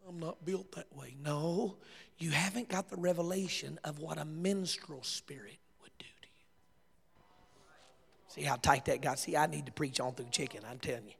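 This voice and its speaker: A man with a Southern US accent preaching a sermon, telling stories with laughter and rising to shouts. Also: fairly high pitch, normal speed, vocal fry, breathy edge. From American South. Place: church sanctuary. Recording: long hall reverb.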